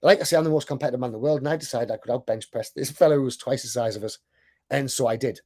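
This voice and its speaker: An online sales coach and business owner with a thick accent gives a relaxed, chatty sales talk, poking fun at himself and often asking "right?". His medium-pitched voice races along with a slightly mellow quality.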